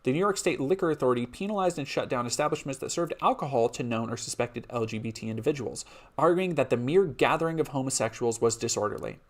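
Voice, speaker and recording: A man's voice: medium pitch, quick pace. Man reading history with casual asides. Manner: casual, laughing asides between read passages. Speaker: streamer.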